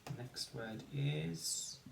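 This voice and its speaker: Slow, patient man teaching phonics. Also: medium pitch, vocal fry. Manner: slow, counting in and sounding out words syllable by syllable; encouraging praise for pupils. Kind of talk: phonics lesson for children. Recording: echoey room with faint ambient noise.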